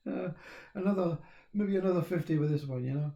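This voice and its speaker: A man, talking in a rambling, reflective monologue, laughing often and halting with fillers. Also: fairly high pitch, creaky, mellow. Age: 60s.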